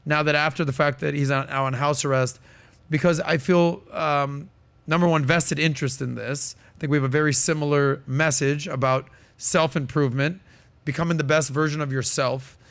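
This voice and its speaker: A man's voice: fairly high pitch, fairly even intonation, moderate pace, a bit bright. Emphatic podcast host, a man. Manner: emphatic, opinionated, many fillers. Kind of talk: casual podcast commentary.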